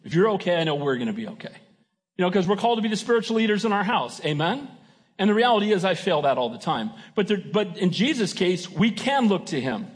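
A man's voice: high voice, animated, fast talker, husky. A man preaching a sermon as pastor, emphatic and folksy, often asking his congregation "Amen?". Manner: folksy and joking.

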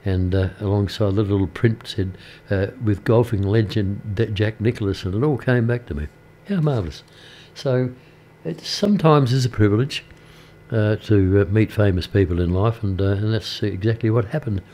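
An older man with an Australian accent chats on air from a small radio studio, drifting through a story with plenty of halting fillers and restarts. His voice sits somewhat low for a man, and the talk is easygoing and unscripted. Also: dark tone. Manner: rambling, halting with many fillers. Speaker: radio presenter. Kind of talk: casual radio chat between songs.

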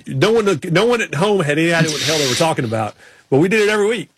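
A man's voice: a little high, expressive, rapid-fire, breathy edge. A man hosting a casual chat, telling rambling stories with many restarts. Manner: rambling storyteller, frequent restarts. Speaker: podcast host.

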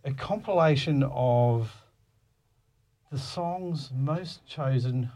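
A man's voice: mid-range voice, slow pace, dark tone. A man as a radio guest, talking in a hesitant way and stammering on the first words of his sentences. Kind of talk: casual chat.

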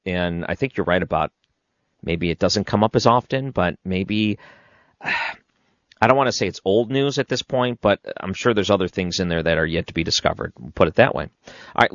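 A man's voice: lowish voice, dry recording, dull audio. A man hosting a late-night call-in radio show, thinking aloud and steering callers along. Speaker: radio talk show host.

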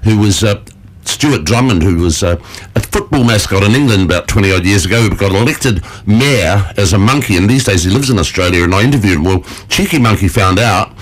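A rambling male radio presenter chatting in a studio. His voice sits low but moves up and down a lot, and he laughs often as he talks. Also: animated, fairly quick. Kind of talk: casual morning radio chat.

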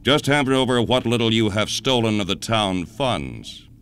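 A man's voice: fairly low pitch, expressive, a little slow, a bit bright, clear, resonant tone. A male narrator voicing an imperious, swindling older army captain who snaps curt commands.

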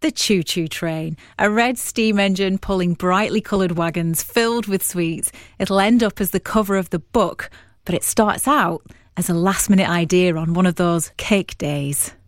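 A woman radio presenter narrating a history documentary in a crisp, lightly playful scripted style. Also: fairly low pitch, normal speed, dry recording, studio quality. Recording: soft music beneath.

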